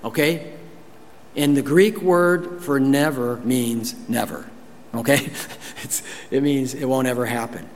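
A man preaching a sermon as pastor, animated, acting out quotes in raised voices and laughing now and then. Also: mid-range voice, unhurried, big-room sound, a little hiss or hum. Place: church.

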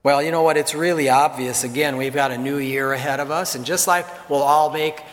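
A man's voice: fairly high pitch, steady tone, a little fast. A pastor giving a sermon in an earnest, conversational way, repeating words as he goes. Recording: long reverb from a large hall.

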